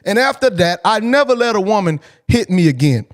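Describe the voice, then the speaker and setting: Podcast host, male, high voice; blunt, profane, animated storyteller. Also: brisk. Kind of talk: casual storytelling.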